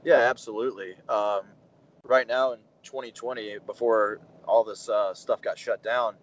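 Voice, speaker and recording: Guy in his 30s, low voice, chatty, loads of uh and like, does the voices when he tells a story. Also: normal speed, low-quality recording. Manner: animated anecdotes, acts out quoted dialogue, many fillers. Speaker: pro wrestler, interview guest. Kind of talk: casual storytelling interview.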